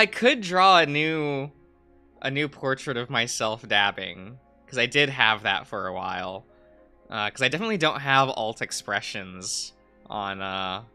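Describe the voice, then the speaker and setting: A man's voice: mid-range voice, sharp tone, clear, resonant tone. A male streamer chatting casually while drawing on a livestream, rambling, laughing often, trailing off and humming to himself.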